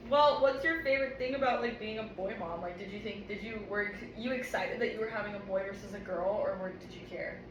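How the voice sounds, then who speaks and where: A woman's voice: medium pitch, a little fast, hardly any pauses, highs cut off. Woman host chatting, rambles on her questions, echoey and far off. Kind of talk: casual chat. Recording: echoey room from a distance, noisy.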